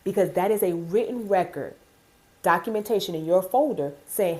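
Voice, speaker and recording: A woman's voice: medium pitch, expressive, brisk, a little mellow, low-quality recording. A woman giving blunt, profane workplace advice to fellow postal workers, repeating her key points with emphasis.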